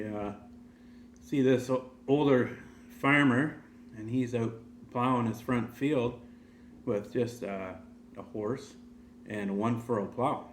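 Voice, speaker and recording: A man hosting, telling a long joke in a relaxed way with frequent fillers and throat clearing. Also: medium pitch, slight background noise. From Ontario, Canada. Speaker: host. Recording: echoey room.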